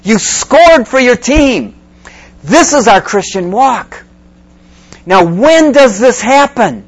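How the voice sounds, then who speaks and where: A man pastor preaching a sermon to a young group, joking and teasing his listeners between scripture readings and building stories up with excitement. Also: extremely high pitch, slow pace.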